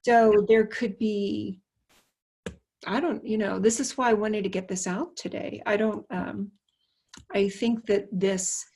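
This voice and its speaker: Female host, chatty and musing, mid-pitched, talks to her listeners. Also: steady tone, unhurried, darkish tone. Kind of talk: casual conversation.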